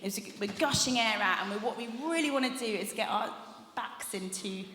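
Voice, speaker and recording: A young woman runs a vocal workshop as a live masterclass in a large conference hall, encouraging and talkative, often laughing while demonstrating exercises. Her voice is medium-pitched, slightly bright, and at normal speed, set against an echoey hall's long reverb.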